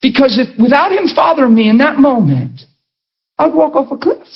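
A male preacher with a high voice tells a personal story to his class in an animated way, often laughing. The recording sounds dull and lo-fi. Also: normal speed. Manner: animated, laughing, swings between high and low voice. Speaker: pastor teaching a ministry school.

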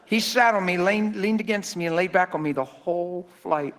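A man preaching a sermon through folksy, animated personal stories. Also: high voice, moderate pace. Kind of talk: storytelling sermon.

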